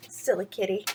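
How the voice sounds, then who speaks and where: A woman's voice: high voice, heavy background noise. A woman reading a children's picture book aloud at bedtime, with chatty asides about the pictures and frequent laughs. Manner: lively, laughs often, points out pictures.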